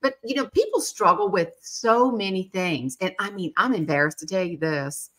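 A woman's voice: medium pitch, normal speed. A middle-aged woman hosting a chat, telling self-mocking stories and acting out what people said. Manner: animated, self-mocking, acts out quotes. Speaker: podcast host. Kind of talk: casual storytelling chat.

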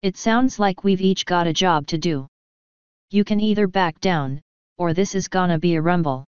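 A woman's voice: lowish voice, moderate pace, darkish tone, clean tone, dry recording, highs cut off, close to an everyday voice. A woman voicing a young male pegasus pony soldier, earnest and accusing, in a storybook reading. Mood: resolved. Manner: accusing, indignant.

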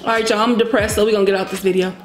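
A woman's voice: mid-range voice, little pitch movement, very fast. A woman vlogger in slangy casual chat, addressing viewers as y'all. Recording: echoey room with music behind.

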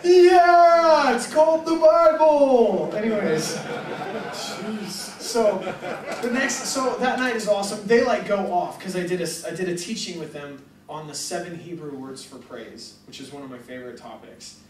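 Picked up by a distant mic in an echoey hall, a young preacher entertains a crowd with animated, joking stories, performing both parts of each conversation. He speaks in a high voice at a moderate pace.

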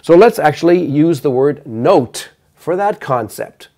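A man's voice: on the high side, lively intonation, warm tone. Man explaining at a piano. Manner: measured, explanatory, counting notes aloud. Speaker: math lecturer. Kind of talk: lecture with piano demonstration. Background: piano notes.

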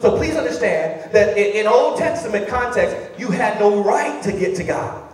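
High-voiced pastor preaching in an echoey church. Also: male voice, lively intonation, normal speed. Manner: call-and-response preaching, swinging from loud exclamations to soft asides. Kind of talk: preaching a sermon. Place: large church sanctuary. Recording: very echoey hall, voice heard from a distance.

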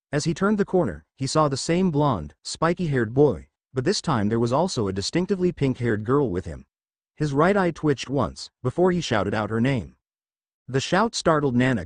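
Man with a lively reading voice. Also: mid-range voice, dry recording. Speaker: narrator. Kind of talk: storybook reading of fan fiction.

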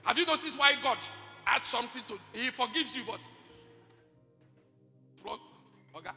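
A Nigerian man preaching to a conference crowd, his voice very high for a man and tensely bright with a gravelly edge. He throws questions at the congregation and erupts into shouts. The sound carries a long hall reverb, with faint music playing underneath. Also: animated, normal speed. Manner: call-and-response preaching, bursts of shouting. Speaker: pastor. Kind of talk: sermon. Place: large church conference hall.

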